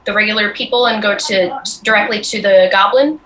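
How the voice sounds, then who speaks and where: A woman's voice: medium pitch, a little fast, fairly bright tone, a little hiss or hum, poor audio. A woman running a tabletop game as game master, narrating with frequent hesitations.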